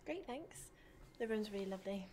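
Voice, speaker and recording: A woman's voice: mid-range voice, animated, normal speed, mellow, slight background noise, lightly acted. An actress playing a flustered young woman covering her tracks in a video game, chirpy and nervous.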